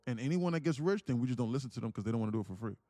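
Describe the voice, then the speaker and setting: A man hosting a live day-trading stream, preaching emphatically and repeating himself as he pitches memberships. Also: animated, very fast, warm tone, dry recording, soft background music. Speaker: day-trading livestream host.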